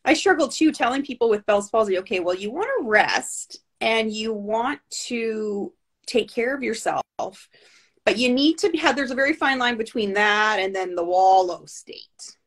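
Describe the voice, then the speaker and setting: A woman talking in a casual interview over a video call, telling stories in a lively, chatty way with many asides. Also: fairly high pitch, normal speed. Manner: chatty, animated storytelling with asides. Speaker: guest with Bell's palsy.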